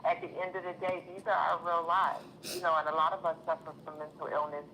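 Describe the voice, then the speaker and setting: A woman's voice: lowish voice, flat delivery, fast talker, sharp tone, a little hiss or hum, rough recording. A woman calling in to a casual chat show, speaking earnestly and at length in an encouraging way. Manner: long-winded, earnest, encouraging. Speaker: caller.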